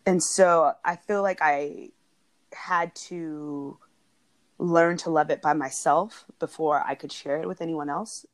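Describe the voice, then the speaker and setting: A woman's voice: low-pitched, steady tone, slow pace. A woman co-hosting a podcast, talking in a casual, earnest and heartfelt way, often laughing as she speaks. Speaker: podcast co-host.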